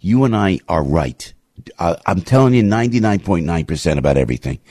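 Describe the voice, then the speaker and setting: Husky, animated talk radio host man. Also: low-pitched, no echo, clean studio sound. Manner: impassioned ranting with rapid restarts. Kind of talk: talk radio commentary monologue.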